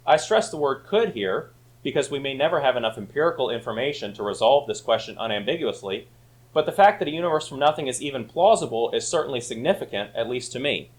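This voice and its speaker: A man leads a Sunday school class in a church, lecturing with emphatic conviction. His pitch moves through a wide, animated range, climbing high when he presses a point. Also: fast. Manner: emphatic, rising to argue points.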